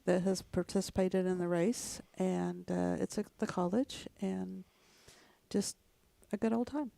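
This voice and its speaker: A woman, a talk show guest speaking in a relaxed, hesitant way. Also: fairly low pitch, measured pace, creaky, no echo. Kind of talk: casual chat.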